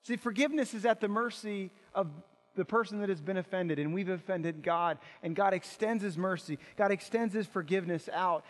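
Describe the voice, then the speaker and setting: A man's voice: high voice, fairly quick, long reverb tail. A male pastor preaching an impassioned sermon, asking rhetorical questions and repeating words as he builds.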